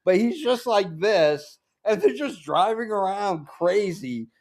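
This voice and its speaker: Male co-host, casual chat, raised pitch, blunt and jokey. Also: big pitch swings, takes it slowly, darkish tone. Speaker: podcast co-host.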